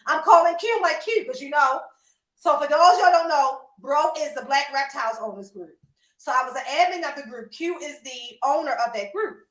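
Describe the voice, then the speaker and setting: Animated high-voiced woman telling stories. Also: normal speed, reverberant. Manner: animated, laughing, addresses listeners as y'all. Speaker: podcast host. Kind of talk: casual storytelling chat.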